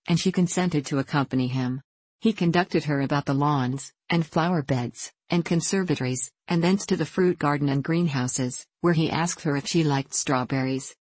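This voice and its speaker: A woman narrating a classic novel in a measured, even reading. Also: low voice, breathy edge, dry recording. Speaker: audiobook narrator. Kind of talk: scripted narration.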